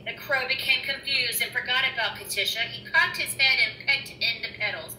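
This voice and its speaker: A woman reading a children's picture book aloud with expressive storytelling. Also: a little high, moderate pace, a little hiss or hum. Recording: roomy room, mic at a distance.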